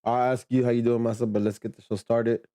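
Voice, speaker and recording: A man's voice: mid-range voice, quick pace, dry recording, clean studio sound. Man met droge stem, ontspannen host. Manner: relaxed, repeats words, laughs easily. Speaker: podcast host. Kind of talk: casual chat.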